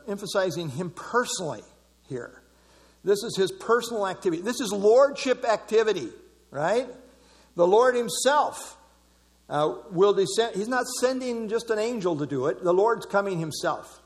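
A man's voice: high-pitched, in a large hall. A man leading a Bible study class, explaining scripture verse by verse with emphasis.

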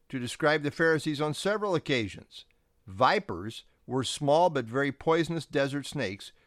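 A man's voice: medium pitch, dry recording. Emphatic male pastor preaching, dry sound. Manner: forceful, emphatic preaching with pointed stresses. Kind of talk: sermon.

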